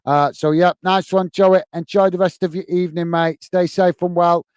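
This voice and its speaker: A man's voice: sits high, flat delivery, normal speed, a little mellow, clear, resonant tone, no room sound. Tired man signing off a stream. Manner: friendly, repetitive sign-offs, many fillers. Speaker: football channel host. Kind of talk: live stream chat reading viewer comments.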